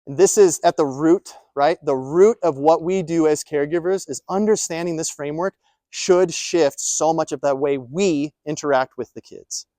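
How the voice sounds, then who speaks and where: A man with a high voice gives a live talk to a room of caregivers. He is emphatic and keeps asking rhetorical questions and repeating key points. The sound is dry, with little room echo. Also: normal speed, mellow. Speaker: presenter. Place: presentation room.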